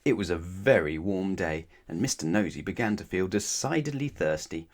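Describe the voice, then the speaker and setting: Male bedtime-story reader, low voice, gentle and expressive. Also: normal speed. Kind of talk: children's bedtime story read-aloud.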